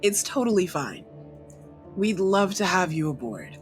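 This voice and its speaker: A woman's voice: on the low side, sing-song, unhurried, faint music behind. A woman voicing a female recruiter who coaxes and reassures someone over a comm link. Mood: coaxing. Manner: coaxing, sweetly reassuring. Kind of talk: tabletop role-play voicing.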